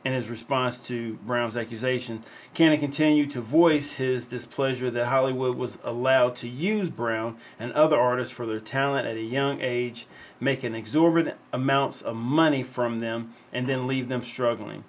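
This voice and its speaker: A man's voice: mid-range voice, normal speed. A man co-hosting a podcast, reading a story and then giving his own earnest commentary in casual talk. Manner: earnest commentary, relaxed, loose. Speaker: podcast co-host. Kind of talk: casual chat, reading a news segment.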